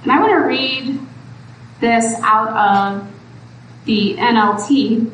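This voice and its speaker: A woman's voice: fairly high pitch, takes it slowly. A woman preacher giving a sermon in an earnest, pleading way that rises to exhortation. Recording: echoey room from far off, faint background noise.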